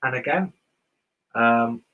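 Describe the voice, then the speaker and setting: A man's voice: mid-range voice, slow, phone-quality sound. A man from northern England with a posh southern English accent, rambling casually through viewer comments as host of a beer livestream. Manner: rambling, self-mocking, chatty. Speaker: beer reviewer streaming host.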